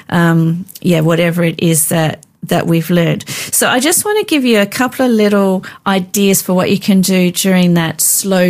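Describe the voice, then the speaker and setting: A woman calmly teaching how to read and pray through the Bible, in an unhurried, instructive way with frequent filler sounds. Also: medium pitch. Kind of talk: devotional teaching chat.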